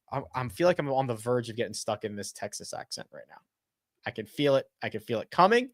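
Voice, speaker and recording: Man host for a casual live chat: lively pitch swings, dry close sound, quick self-corrections. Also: dry recording. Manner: animated and chatty, thinks out loud with quick self-corrections. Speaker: host of a golf betting and fantasy live chat. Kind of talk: casual live-stream chat answering viewer questions.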